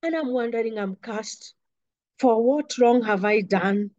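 A woman's voice: on the high side, a little slow, a little mellow, dull audio. A young woman earnestly recounting a painful personal memory in an interview. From Kenya. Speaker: interview guest. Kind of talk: personal storytelling.

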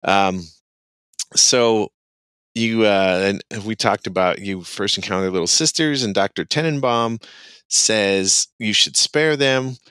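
Deep, smooth-voiced man rambling casually. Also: takes it slowly, fairly bright tone, dry recording. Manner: rambling, heavy on "like" and "um". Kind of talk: casual chat recapping a game's plot.

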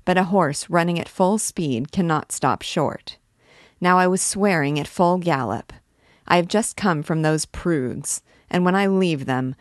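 A woman reading aloud, voicing a boisterous, blustering young male army captain who swears loudly. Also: on the low side, no echo, studio quality, lightly acted.

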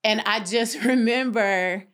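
A woman's voice: fairly high pitch, slow, fairly bright tone. A middle-aged woman from North Carolina, earnestly sharing a personal testimony as a podcast guest. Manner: earnest, emphatic, faith-driven storytelling. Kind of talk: candid testimony in conversation.

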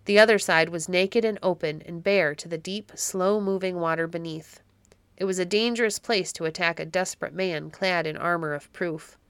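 A woman narrating a classic novel for an audiobook podcast, with calm, measured storytelling. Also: fairly low pitch, smooth, dry recording.

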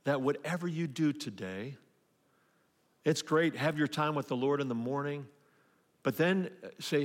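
A man's voice: fairly high pitch, measured pace, pauses often. Man preaching in a reverberant hall. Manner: conversational preaching with repeated restarts. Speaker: pastor. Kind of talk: sermon.

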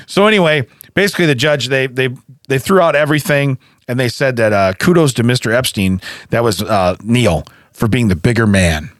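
This comedy podcast co-host speaks at a normal speed in a medium-pitched voice, laughing a lot as he spins his stories with energy. It's a casual show recorded on a studio mic, with no echo.

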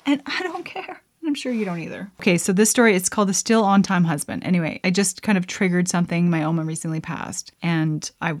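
A woman's voice: lowish voice, quick pace, few pauses, darkish tone. Chatty woman podcast host, rambling. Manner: rambling, chatty, laughs often. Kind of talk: casual chat and story reading.

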